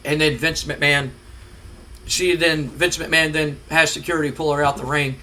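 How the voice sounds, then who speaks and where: A man narrates a wrestling sim game in a loose, rambling way with many fillers. His voice is bright and a bit high. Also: steady tone, moderate pace. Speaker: game streamer.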